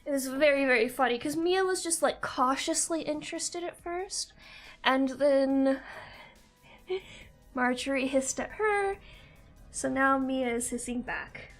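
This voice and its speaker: High-voiced woman chatting casually on stream. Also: unhurried, soft background music, rough recording. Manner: chatty, rambling, swears casually, talks to her cats. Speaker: live-stream host. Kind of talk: casual live-stream chat while drawing and gaming.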